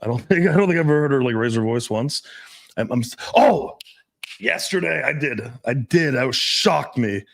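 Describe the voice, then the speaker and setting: A man in a casual podcast chat who talks bluntly and swears freely. His voice sits at an ordinary mid pitch, and he tells stories loosely with laughs. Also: expressive, normal speed, creaky. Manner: profane, blunt, storytelling with laughs. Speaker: dating coach, podcast host.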